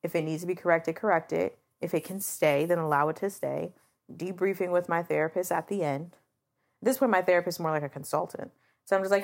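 A woman's voice: lowish voice, fairly quick, creaky. A woman co-hosting a podcast in casual chat, talking openly and animatedly about her feelings, filling her speech with "like" and acting out what people said. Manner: chatty, animated, confessional, leans on "like" and acts out quoted voices. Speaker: podcast co-host.

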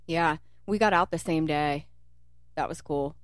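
Blunt, foul-mouthed woman with a low voice. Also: measured pace, dry recording, studio quality. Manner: profane, blunt storytelling. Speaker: podcast co-host. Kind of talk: casual chat.

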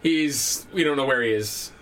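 A man hosting a casual gaming podcast, loud and joking, laughing often. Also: mid-range voice, moderate pace, slight background noise. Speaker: podcast host.

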